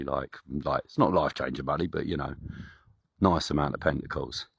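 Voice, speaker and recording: A man's voice: rumbling low, a little fast, gravelly, slightly rough, no room sound, studio quality. A man telling a rambling personal story in a chatty, swearing, casual way. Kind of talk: casual spoken anecdote.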